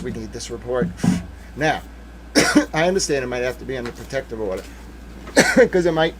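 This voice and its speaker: A man giving casual, rambling legal commentary on a stream, animated, with jokey asides and mock voices. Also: medium pitch, slight background noise.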